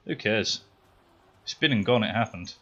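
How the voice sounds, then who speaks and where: A British man streaming a game, telling a story in a casual, profane way that grows animated and louder as he gets worked up. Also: lowish voice, normal speed, breathy edge, lo-fi sound. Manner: profane, swears constantly. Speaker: gaming streamer.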